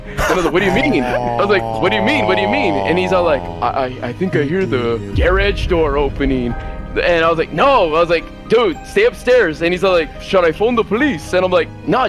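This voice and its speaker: Played clip high-voiced man telling a story, music under. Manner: animated, acts out quoted voices. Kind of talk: storytelling in a gaming video.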